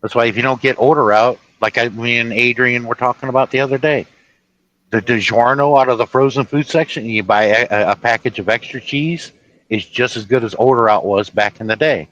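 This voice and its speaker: A man's voice: medium pitch, fairly quick, fairly bright tone. Rambling, cussing trucker guy, dull lo-fi sound. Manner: storytelling with swearing and restarts. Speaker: truck driver streaming. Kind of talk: casual rambling chat.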